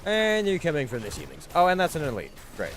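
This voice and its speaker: A man's voice: on the high side, huge pitch swings, fast talker, fairly bright tone, slight background noise. A man streaming a hardcore game run, rambling casually with fillers and restarts as he thinks aloud. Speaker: gaming streamer. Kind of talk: casual gameplay commentary.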